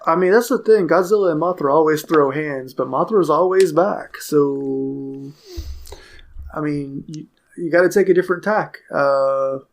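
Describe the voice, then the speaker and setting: A man's voice: a little high, a little slow. A man co-hosting a podcast, tossing in jokes and laughing during casual banter. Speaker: podcast co-host. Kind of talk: casual chat.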